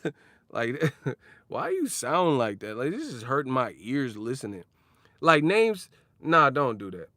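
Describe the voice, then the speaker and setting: A man's voice: mid-range voice, wildly swooping pitch, measured pace, sharp tone, no room sound. A young man ranting in slang for a casual boxing vlog, swearing and laughing as he talks. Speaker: boxing commentary vlogger. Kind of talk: casual rant.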